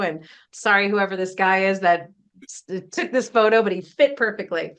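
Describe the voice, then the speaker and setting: A woman's voice: mid-range voice, brisk, fairly bright tone. A woman business coach presenting a casual webinar, chatty and emphatic, often laughing between points.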